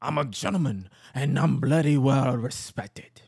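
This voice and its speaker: A man voicing a pompous English gentleman wrestler in a put-on English accent with a slow, haughty drawl. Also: medium pitch, gravelly, slightly rough, no room sound, clean studio sound. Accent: English, put on badly.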